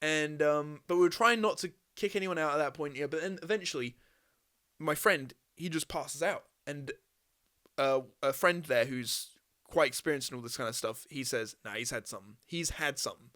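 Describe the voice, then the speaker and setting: A young man with a fairly high voice tells a story on a podcast. He talks in a loose, animated way, swears freely, and acts out the other people in the story. The tone stays casual. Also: moderate pace. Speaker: podcast host. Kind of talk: casual chat.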